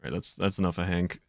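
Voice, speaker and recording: A man's voice: deep voice, vocal fry, dry recording, studio quality. A man casually live-streaming a game, jokey, reading chat messages aloud. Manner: jokey, reads chat aloud, laughs often.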